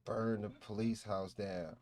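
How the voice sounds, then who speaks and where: Man ranting with loud, profane jokes. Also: fairly low pitch, steady tone, unhurried. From Ohio. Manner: loud, profane, joking rant. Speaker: stream host. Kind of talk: casual livestream chat.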